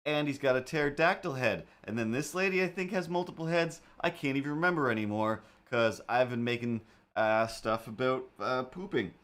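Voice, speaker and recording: A man's voice: medium pitch, normal speed, a bit bright. A man hosting a live drawing stream, chatting casually and mumbling playful asides to himself as he works. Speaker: live-stream artist host. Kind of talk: rambling live-stream chat while drawing.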